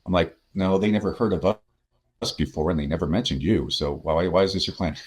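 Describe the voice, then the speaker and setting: A man's voice: sits low, brisk. A man, a podcast guest and sales consultant, telling workplace anecdotes in a conversational way and acting out the people he quotes. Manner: animated anecdotes, acts out quoted voices. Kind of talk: conversational storytelling.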